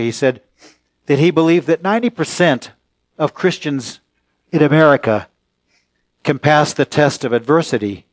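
A man preaching a sermon as pastor, earnest and emphatic, pausing mid-phrase. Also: fairly high pitch, dry recording.

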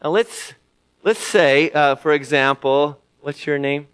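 A man preaching a sermon in a conversational way, often pausing with fillers and restarting his sentences. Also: fairly high pitch, a bit bright, smooth. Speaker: pastor.

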